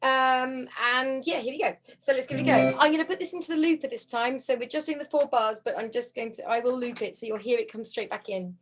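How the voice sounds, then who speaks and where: A woman's voice: sits high, brisk, hardly any pauses. A woman teaching a harp ensemble over a video call, friendly and encouraging, counting beats aloud and humming the parts. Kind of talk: online music lesson, counting beats. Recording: harp music under the voice.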